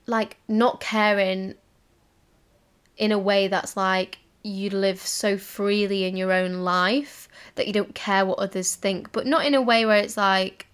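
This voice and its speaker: A woman's voice: mid-range voice, fairly even intonation, unhurried, a bit bright, clear, resonant tone. A young woman hosting a casual solo podcast from home, talking in a rambling, giggly way with lots of fillers. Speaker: podcast host. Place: home, indoors, in a cozy room.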